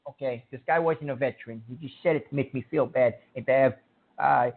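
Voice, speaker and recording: A man's voice: mid-range voice, fairly quick, creaky. A man hosting a call-in radio show, irritable and scolding his callers as he rants. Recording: narrow phone-like sound.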